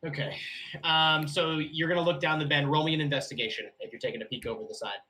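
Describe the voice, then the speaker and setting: A man narrating as game master for new players, relaxed and thinking aloud with frequent fillers. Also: fairly high pitch, fast, poor audio.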